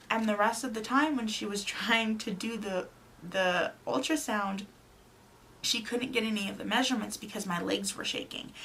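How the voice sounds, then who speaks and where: Gravelly-voiced woman telling a personal story. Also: mid-range voice, a little hiss or hum. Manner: animated, acts out dialogue in quotes. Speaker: vlogger. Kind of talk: casual storytelling.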